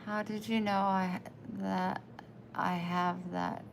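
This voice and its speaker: A woman with an American country twang chats casually on a live stream, reading chat comments aloud. She is soft-spoken, short of breath, and drifts into near-whispers. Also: medium pitch, level tone, slow pace, creaky, slight background noise.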